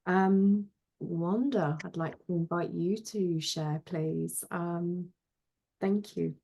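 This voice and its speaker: A woman facilitating a sharing circle, thanking speakers and inviting the next in a soft, gentle way. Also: fairly low pitch, fairly even intonation, takes it slowly, gravelly.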